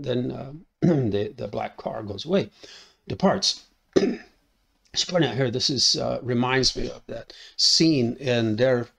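A man's voice: mid-range voice, gravelly, a bit bright, breathy edge. A man giving a casual spoken film review, recapping the plot and tagging his sentences with "right?" between frequent fillers. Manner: conversational, thinking aloud.

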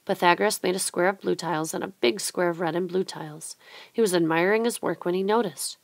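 Brief: woman narrating a children's book, lowish voice, dry close sound. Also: fairly even intonation, a little fast, vocal fry, no echo. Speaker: storybook reader. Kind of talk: reading a children's book aloud.

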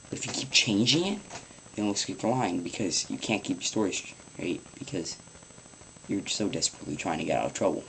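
A teenage boy with a fairly low voice rambles through advice in a home vlog, swearing casually and peppering his talk with ums. A faint hiss of room noise sits under the built-in camera mic. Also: low-quality recording. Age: teens. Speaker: vlogger.

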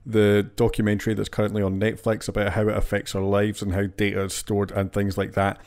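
Podcast intro host, low-voiced man, friendly and apologetic. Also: completely flat delivery, fairly quick, darkish tone.

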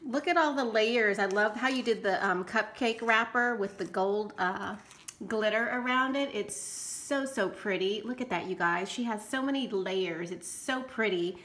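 A woman hosting her crafting channel, gushing with excitement as she shows off happy mail. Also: medium pitch. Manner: gushing, excited, quick-talking. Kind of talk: casual unboxing chat.

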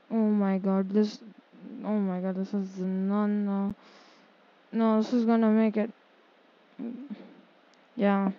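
Slow and mellow, with long pauses and little pitch movement, this woman's mid-range voice comes through a muffled, echo-free recording. She's a streamer giving casual commentary on a city-building game, muttering to herself and getting fed up when things go awry.

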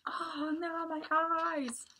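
Woman doing a gruff greedy storybook tiger. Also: very high-pitched, little pitch movement, sharp tone, voice pushed up, exaggerated voice. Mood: wailing. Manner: slow, drawn-out menacing lines.

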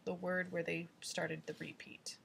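Slow, deliberate woman teacher. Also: lowish voice, little pitch movement, vocal fry, fairly bright tone, slight background noise. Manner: deliberate, explanatory, addresses the viewer directly. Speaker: literacy teacher trainer. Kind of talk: instructional voice-over lesson.

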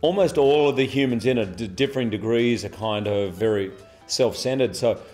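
Relaxed Australian man, mid-pitched voice. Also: normal speed, faint music behind. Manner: relaxed, good-humoured, chuckling. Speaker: actor guest. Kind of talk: press junket interview.

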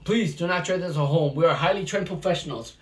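A man giving excitable amateur wrestling play-by-play commentary, breaking into shouts at the big moves. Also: on the high side, quick pace. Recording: distant mic with loud music behind.

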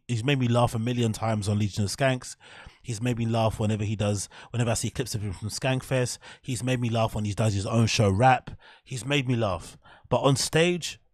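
A man's voice: medium pitch, no room sound, clean studio sound. A man with an English accent giving casual, blunt, profane commentary as a video reviewer. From England. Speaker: YouTube reviewer.

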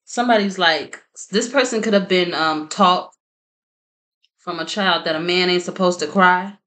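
Tarot reader, woman, lower voice, chatty and prone to laughing. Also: normal speed, a bit bright. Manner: chatty, laughs often, prays aloud. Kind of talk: casual tarot reading to camera.

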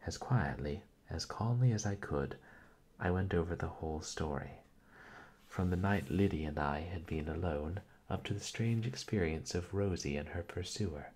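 A man reading a classic mystery novel aloud, narrating in a measured, even way. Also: low-pitched, slightly rough. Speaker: audiobook reader.

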